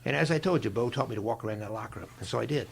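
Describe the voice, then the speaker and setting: An older man, a guest in an interview, telling stories in a folksy, animated way, with a gravelly, husky voice. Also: mid-range voice, racing, very noisy. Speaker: interview guest, longtime equipment manager. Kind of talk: storytelling in a conversation.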